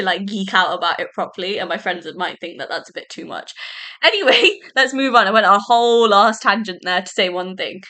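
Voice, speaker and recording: Young woman, solo podcast host, bright voice, excitable and rambling. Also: medium pitch. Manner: chatty and excitable, many "like"s and tangents. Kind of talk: casual solo podcast chat.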